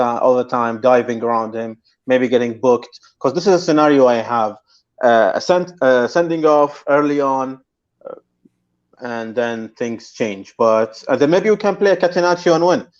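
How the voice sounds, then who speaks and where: A man's voice: mid-range voice, darkish tone, lo-fi sound. A man guest in a casual podcast chat, rambling and hesitant with many fillers.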